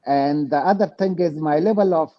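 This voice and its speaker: A man answering questions in a calm, measured way. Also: on the high side. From Afghanistan. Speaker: guest co-host. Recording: dull lo-fi sound.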